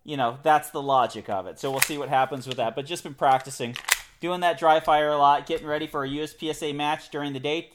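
A man co-hosting a casual podcast chat, enthusiastic and joking, often trailing off quietly at the ends of sentences. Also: fairly high pitch, steady tone, fast talker. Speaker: podcast co-host.

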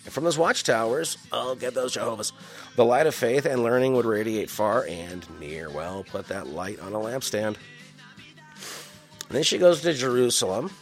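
A man's voice: mid-range voice, animated, normal speed, soft background music. Wisecracking man reading scripture. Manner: wisecracking, slangy asides between scripture lines. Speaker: scripture reader and commentator. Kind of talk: joking Bible reading with commentary.

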